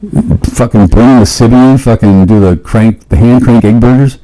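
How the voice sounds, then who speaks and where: A man in a rambling, profane monologue, often restarting and jumping suddenly up in pitch. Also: normal speed, dark tone, low-quality recording.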